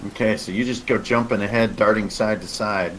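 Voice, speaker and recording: A man's voice: fairly low pitch, fairly even intonation, a little fast, a bit bright, a little hiss or hum, rough recording. A young man narrating a tabletop game as game master, describing scenes at length. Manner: descriptive, laughs easily.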